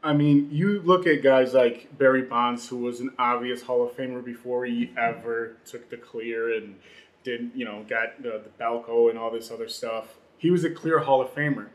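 Man from Chicago, casual sports co-host, animated, echoey room. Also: normal speed. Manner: animated, mimics people in high voices. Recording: roomy echo.

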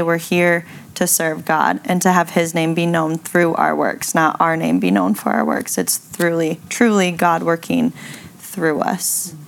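Woman, athlete, calm, sincere, low voice. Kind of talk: casual chat.

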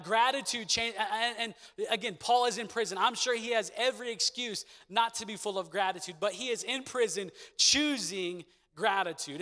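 A man's voice: high-pitched, pushed and bright. A young man preaching a sermon in a church and calling for responses from the congregation. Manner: preaching with call-and-response, repeated catchphrases. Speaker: pastor. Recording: long echo of a big hall.

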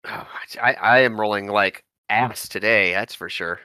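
A man's voice: fairly low pitch, a little slow, clear, resonant tone, dry recording. A man playing a tabletop game, joking and reacting in casual play. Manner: animated, joking. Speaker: player.

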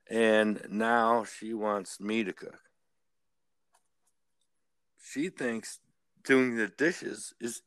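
Animated, foul-mouthed man ranting. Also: mid-range voice, no echo. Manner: animated, swears constantly, repeats "right?". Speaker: caller. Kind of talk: casual profane rant.

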